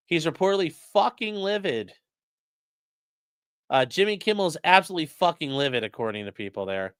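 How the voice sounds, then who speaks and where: Guy streaming, reading chat and ranting crude and mocking, bright clear voice, bouncy pitch, dry close mic. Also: lively intonation, a little fast, no echo. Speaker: streamer commentating on news. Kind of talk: casual live-stream commentary.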